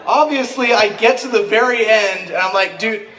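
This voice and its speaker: A teenage boy performing a stand-up comedy routine at a school talent show, telling rambling, self-mocking stories with quick asides. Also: sits high, background noise. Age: teens. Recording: echoey hall recording from far off, crowd laughing. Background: audience laughter.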